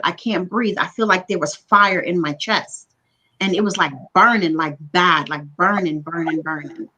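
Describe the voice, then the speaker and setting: A woman's voice: fairly low pitch, sharp tone, rough recording. Earnest woman retelling a hard ordeal. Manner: earnest, repeats words for emphasis. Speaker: guest recounting her illness. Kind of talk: emotional personal storytelling. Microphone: video call livestream.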